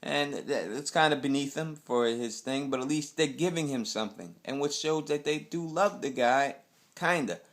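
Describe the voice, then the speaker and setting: A man's voice: medium pitch, normal speed. New guy, young, recapping a show off the cuff; loose, slangy, rambling delivery in a mid-range voice. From Queens, New York. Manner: slangy, rambling, blunt street talk. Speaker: TV recap host. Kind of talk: casual TV episode recap.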